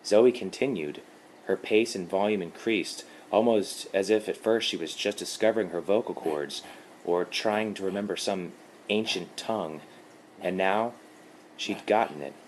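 Slow, low-voiced man reading horror. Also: slight background noise. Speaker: narrator. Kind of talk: scripted horror narration.

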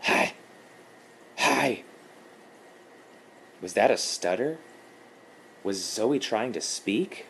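A man narrating a horror story in a calm, measured reading. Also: on the low side, a little hiss or hum.

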